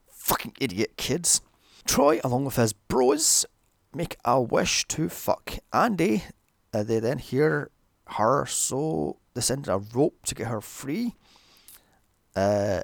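A man's voice: medium pitch, vocal fry, no room sound, clean studio sound. A man giving a sarcastic, profane recap of a movie, mocking it with exasperation. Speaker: movie reviewer. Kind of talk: sarcastic comedic film recap.

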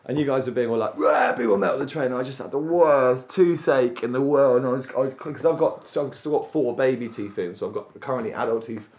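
Man, from England, podcast co-host, casual banter, rambling, laughs a lot, middle pitch. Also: a little fast, hardly any pauses, a little mellow. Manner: rambling, self-interrupting, laughs often.

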